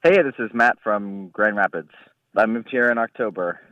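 A man's voice: on the low side, normal speed, bright, forceful tone, no room sound, recorded from a distance. A man from Ohio calling a radio show, chattily telling a story about a phrase he heard. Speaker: caller. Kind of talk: phone-in storytelling. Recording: dull phone-line sound.

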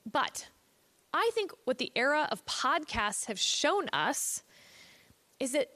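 A woman with a fairly high voice speaks on a discussion panel. She talks in an emphatic, opinionated way and pushes hard on her points. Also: very animated, slow, pushed and bright.

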